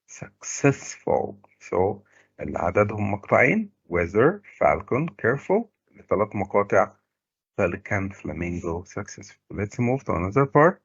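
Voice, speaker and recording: A middle-aged Egyptian man, a native Arabic speaker, teaching a recorded English lesson. He pulls words apart slowly to stress each syllable and sometimes explains in Arabic. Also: fairly low pitch, husky, no room sound. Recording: dull, lo-fi dry recording.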